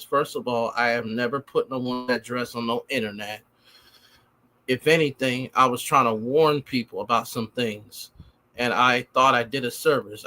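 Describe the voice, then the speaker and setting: A man's voice: medium pitch, sharp tone. A man who is a guest on a livestream, talking in a defensive, aggrieved and rambling way. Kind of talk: casual livestream talk.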